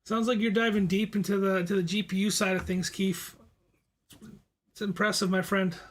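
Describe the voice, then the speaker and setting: A relaxed man with a Boston accent hosts a live stream and chats with his viewers. His voice sits high but stays level, with little rise and fall. He often restarts and repeats words as he answers. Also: normal speed. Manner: reads viewer comments aloud and answers them; laid-back, friendly, repeats words and restarts. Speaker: livestream host reading chat. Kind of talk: casual live chat.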